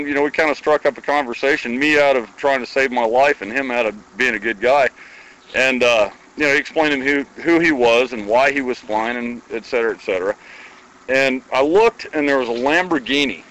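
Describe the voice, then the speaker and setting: A man's voice: medium pitch, a little hiss or hum, low-quality recording. A man from Iowa telling a long, folksy anecdote in casual conversation, acting out the dialogue as he goes. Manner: folksy, animated storytelling with quoted dialogue. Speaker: guest storyteller.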